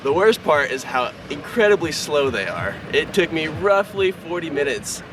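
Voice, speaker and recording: An upbeat man talks proudly about his volunteer job in an outdoor interview. His voice sits a little high for a man. Outdoor noise fills the background. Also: big pitch swings, moderate pace. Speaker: festival volunteer being interviewed. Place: outdoors in the desert.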